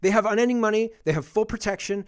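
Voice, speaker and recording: A man's voice: high-pitched, fast talker. A man from Canada hosting a political talk show, ranting in a frustrated, profane way with emphatic repetition. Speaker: show host.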